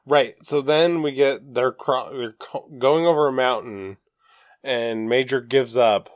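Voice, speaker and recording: A man co-hosts a podcast and walks through a film plot in a relaxed, easygoing way. He speaks at a middle pitch, and his voice sounds dry and close, with little room sound around it. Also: measured pace, dry recording. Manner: laid-back, retells plot step by step, laughs easily. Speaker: podcast co-host. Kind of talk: casual chat recapping a film. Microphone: studio microphone.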